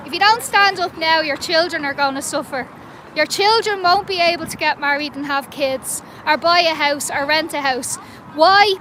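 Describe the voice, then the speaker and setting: An Irish woman speaks urgently to her livestream audience from a city street, pressing her point with repeated rhetorical questions. Her voice sits very high. Traffic and street noise run clearly underneath. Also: bright, forceful tone, low-quality recording. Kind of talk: impassioned livestream address to viewers.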